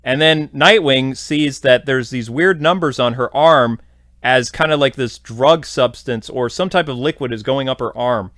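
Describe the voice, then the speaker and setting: A man's voice: medium pitch, a little slow, fairly bright tone, dry recording, studio quality. A man hosting a podcast, giving a casual, rambling episode recap full of fillers. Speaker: podcast host.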